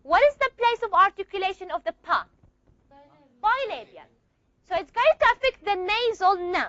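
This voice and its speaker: A woman teaching a phonetics lesson in class, asking questions and answering them herself, and stretching key words slowly. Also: very high-pitched, animated, a bit bright. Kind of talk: classroom lecture. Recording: dull lo-fi recording.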